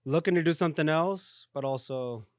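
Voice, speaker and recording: Guest: man, 30s, easygoing chat, smooth clear voice, dry close sound. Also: a little high, normal speed, no echo. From Southern California. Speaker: guest, restaurant owner's son. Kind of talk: casual interview chat.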